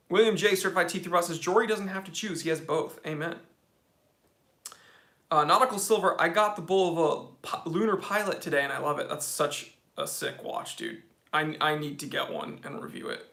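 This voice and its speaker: An American man hosts a relaxed livestream, reading viewer comments aloud and answering them with easy enthusiasm. His voice is bright and a little higher than most men's. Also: normal speed, gravelly. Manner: casual, enthusiastic, says dude a lot. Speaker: watch channel host.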